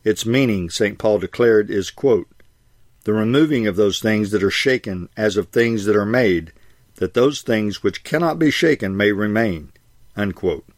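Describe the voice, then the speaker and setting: A man with a lowish voice reads a sermon in a measured way. He slows down to stress key phrases and marks each quotation aloud. The sound is dry and close. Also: no room sound. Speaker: preacher. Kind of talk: scripted sermon reading.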